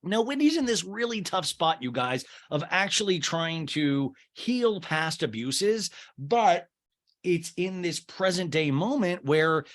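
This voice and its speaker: A man's voice: high voice, lively intonation, takes it slowly, fairly bright tone. A man hosting a podcast, recapping a reality show in a chatty, sarcastic way and talking to listeners as "you guys". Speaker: podcast host. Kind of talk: casual recap commentary.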